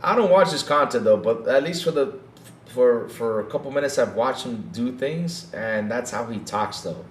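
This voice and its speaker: A man's voice: mid-range voice, expressive, normal speed, echoey room, a little hiss or hum. A man hosting a gaming podcast in a casual, mocking rant, often tacking "though" onto his sentences.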